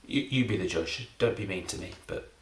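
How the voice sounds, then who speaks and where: A man doing deadpan, self-mocking comic patter as a magician presenting a card trick. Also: sits low, brisk. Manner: dry, deadpan self-deprecating delivery. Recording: roomy echo.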